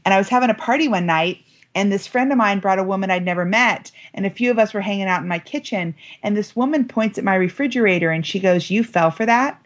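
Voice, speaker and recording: A middle-aged American woman, a guest telling a story in a lively way, jumping up in pitch when she quotes people. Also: fast talker, highs cut off. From United States. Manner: lively, quotes voices with big pitch jumps. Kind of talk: animated storytelling.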